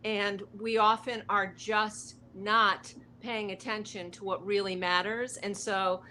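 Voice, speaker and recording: A woman's voice: mid-range voice, flat delivery, slow pace, sharp tone, a little hiss or hum. A woman speaking as a wellness guest on a talk show, passionate and heartfelt in an earnest motivational way.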